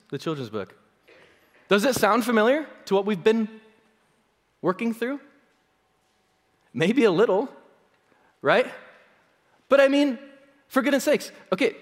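A man preaching a sermon in a casual, playful way, often checking in with "okay?" and "right?". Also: sits high. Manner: conversational, playful, many "like"s and "okay?". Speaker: pastor. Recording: long hall reverb.

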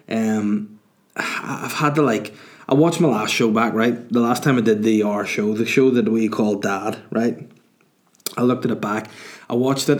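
A man, a comedian hosting his own podcast in a rambling, self-mocking monologue full of fillers. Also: medium pitch.

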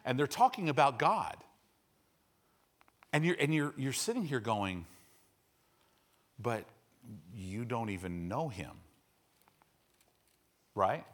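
A man preaching a sermon as a pastor, swinging from loud declarations to hushed asides and acting out little conversations. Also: medium pitch. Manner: lively, swings from loud to hushed, acts out dialogues. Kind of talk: animated sermon.

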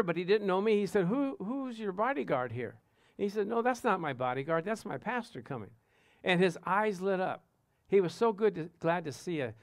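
Male pastor, high voice, dry close sound, lively preaching with stories and amens. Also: no echo. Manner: animated storytelling, asks congregation "Amen?". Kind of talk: sermon with personal stories.

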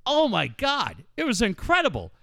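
In clean studio sound with no echo, a middle-aged man co-hosting a radio show spins stories through casual banter, laughing and swearing a lot. His very high voice is creaky, bright and forceful, with huge pitch swings at a normal speed.

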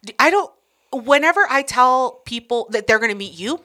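A young woman hosts a podcast in loose, casual chat. Her voice is bright and sharp, and her delivery is blunt, profane and teasing. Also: sits high, lively intonation, moderate pace. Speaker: podcast host.

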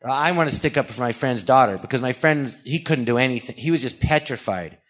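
A man's voice: mid-range voice, fairly quick, a bit bright. A man from California, a guest actor and comedian, rambling through a story in a casual interview, acting out quoted dialogue and dropping sarcastic asides. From California, USA.

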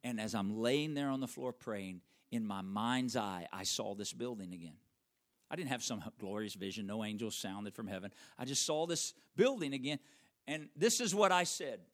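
Middle-aged male pastor, lively pitch, builds loud then drops to a hush. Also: normal speed. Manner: swings from loud emphatic peaks to hushed, near-whispered lines. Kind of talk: sermon storytelling.

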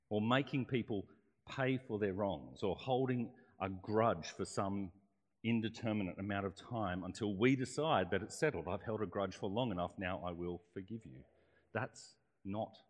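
A man preaching a sermon in a conversational way, often checking in with rhetorical questions. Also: fairly low pitch. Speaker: pastor. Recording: long hall reverb.

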